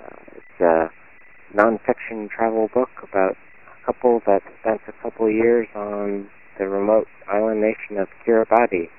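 A man leaving a voicemail in a tired, low-key way before reading a passage from a book. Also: fairly even intonation, moderate pace, clear, resonant tone. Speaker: caller. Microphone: phone voicemail. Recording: tinny phone line.

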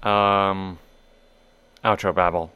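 A man's voice: low-pitched, flat delivery, very slow, music in the background. A man hosting a podcast in a wry, irreverent monologue, swearing casually. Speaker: podcast host.

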